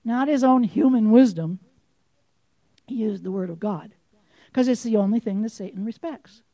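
A woman with a high voice preaches a fervent sermon, pressing questions on her listeners and building to forceful outbursts. The sound is close and dry, with no room around it. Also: moderate pace, dry recording, highs cut off. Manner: impassioned, rising to forceful outbursts.

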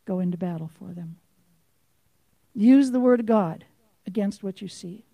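A woman preaching a sermon, impassioned and direct, firing questions at her listeners and rising to forceful outbursts. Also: mid-range voice, unhurried, dry recording.

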